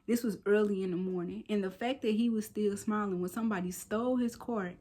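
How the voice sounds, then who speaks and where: A woman in her thirties chatting straight to her viewers in a relaxed daily vlog. She talks in an easy, slangy way, mixing lively storytelling with quiet, half-whispered side comments. Her voice sits at a medium pitch for a woman. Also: a little fast. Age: 30s. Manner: chatty and animated, with slangy asides and playful soft whispered quips. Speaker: lifestyle vlogger.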